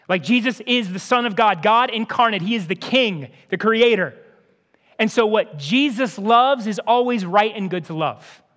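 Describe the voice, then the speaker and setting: A middle-aged man with a high-pitched voice preaches to his congregation in a relaxed, conversational way that builds to earnest peaks. His voice rings out with a long hall reverb from the church auditorium. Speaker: pastor. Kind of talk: sermon.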